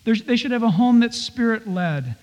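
A man's voice: extremely high pitch, lively intonation, moderate pace, a little mellow, big-room sound, dull audio. A man preaching a conversational sermon as a pastor, slipping into playful acted-out asides.

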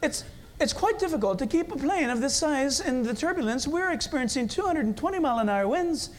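A man's voice: very high voice, lively intonation, brisk, a little hiss or hum, voice pushed up. A man putting on the voice of an anxious, apologetic male airline captain speaking over a plane's intercom.

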